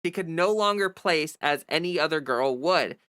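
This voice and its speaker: A woman's voice: deep voice, animated, moderate pace, a bit bright, no echo, clean studio sound. A young woman hosting a livestream, reading a news article aloud and breaking off into exasperated, sarcastic commentary. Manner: reads news text, then breaks off into exasperated sarcastic asides.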